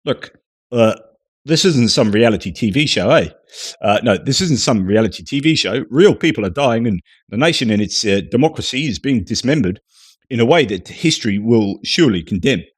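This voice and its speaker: A man's voice: medium pitch, animated, moderate pace, slightly rough, dry recording, clean studio sound, voice pushed up. A man doing an indignant New Zealand diplomat. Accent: New Zealand (attempted).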